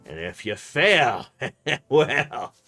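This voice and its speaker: A man voicing a boastful male goblin villager, drawling out a dare slowly and loudly. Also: medium pitch, big pitch swings, soft background music, pitched above the performer's own voice, exaggerated voice.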